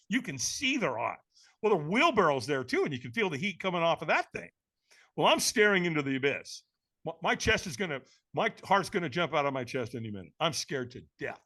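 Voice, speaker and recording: High, lively-voiced man telling a story. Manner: acts out other people's lines in the story; energetic, emphatic delivery. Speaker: podcast guest. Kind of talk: animated storytelling.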